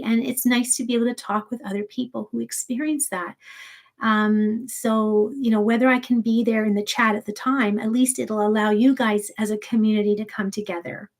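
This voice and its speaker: A woman hosting a livestream, chatting casually with viewers in a soft, rambling way, grieving and holding back tears. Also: a little high. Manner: soft-spoken, rambling with many restarts. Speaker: sleep story channel host.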